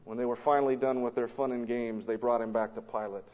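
A man preaching a sermon in a dramatic storytelling manner, swinging between loud and hushed, recorded in a church or large hall. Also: mid-range voice, level tone, fast talker. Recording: long hall reverb, dull lo-fi sound.

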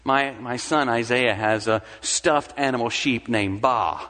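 A man's voice: medium pitch, measured pace, bright, forceful tone. A young adult man preaching a sermon as pastor. He speaks earnestly and repeats phrases for emphasis. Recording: long hall reverb.

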